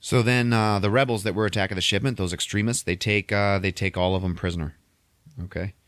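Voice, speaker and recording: A man hosting a podcast, recapping a film in a profane, animated storytelling manner, a bit tipsy. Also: fairly low pitch, brisk, dry recording. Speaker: podcast host. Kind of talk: casual movie recap chat.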